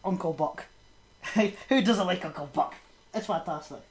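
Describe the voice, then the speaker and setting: A woman's voice: fairly low pitch, a little slow. A woman, co-hosting a podcast in loose, casual chat full of fillers. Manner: rambling, lots of fillers and trailing laughs. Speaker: podcast co-host. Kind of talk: casual chat about horror films.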